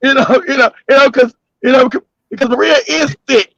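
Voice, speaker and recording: High-pitched gravelly man, laughing banter. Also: brisk, dry recording. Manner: loud, laughing, animated storytelling. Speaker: podcast host. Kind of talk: casual comedic banter. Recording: dull dry lo-fi audio.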